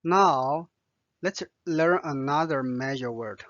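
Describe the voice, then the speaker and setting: A man's voice: mid-range voice, slow pace, pauses often, no room sound. A man with a Chinese accent, a native Chinese speaker, teaching vocabulary patiently, repeating each word with frequent fillers. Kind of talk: slow vocabulary lesson with repetition. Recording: dull, dry lo-fi sound.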